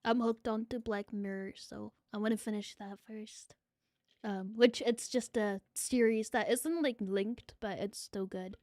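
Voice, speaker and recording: A young woman streaming as a VTuber chats casually, answering viewer comments in a rambling way, repeating phrases and swearing offhandedly. Her mid-range voice is steady, unhurried and a little mellow, with clean studio sound and no room sound.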